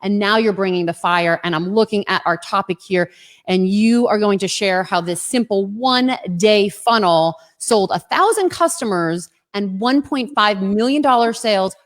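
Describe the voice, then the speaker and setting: A woman's voice: medium pitch, moderate pace. A woman hosting a livestream interview in an enthusiastic manner, repeating her phrases, heard over a video call. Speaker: host.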